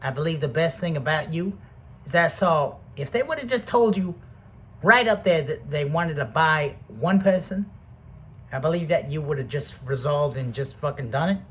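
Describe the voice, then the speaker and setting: Animated rambling profane man. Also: a little high, normal speed. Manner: profane and rambling, swinging between loud outbursts and soft mutters. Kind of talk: rambling casual monologue.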